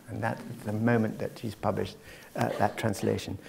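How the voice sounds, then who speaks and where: A man's voice: lowish voice, flat delivery, normal speed, vocal fry, a little mellow, husky. A man giving a public lecture to a live audience, discursive and dropping wry asides.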